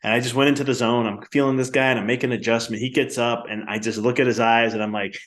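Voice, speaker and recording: A man's voice: mid-range voice, steady tone, quick pace, fairly bright tone. A man hosting a podcast, telling stories in casual conversation with many restarts. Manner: rambling storytelling with many restarts. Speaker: podcast host.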